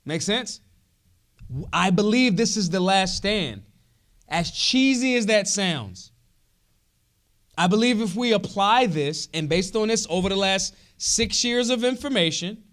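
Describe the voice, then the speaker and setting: A man giving a rousing political speech at a convention, emphatic and profane, swinging between shouted lines and low asides. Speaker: convention speaker. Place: convention hall.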